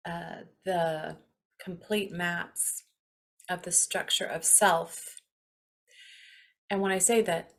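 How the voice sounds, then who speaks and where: Woman in her 40s, slow earnest spiritual talk, low-ish voice w/ some vocal fry. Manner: slow, earnest, gently emotional, with soft laughs. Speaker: spiritual podcast host.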